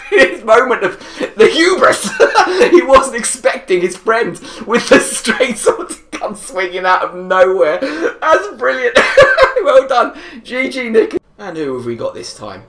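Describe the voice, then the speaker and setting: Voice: medium pitch, sing-song, slow pace, a bit bright, slight background noise. A gamer talks through an online match in a loose, rambling way, often breaking into laughter. The voice sits in a middling register and carries a noticeable room echo. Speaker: gameplay commentator. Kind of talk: casual gameplay commentary. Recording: roomy echo.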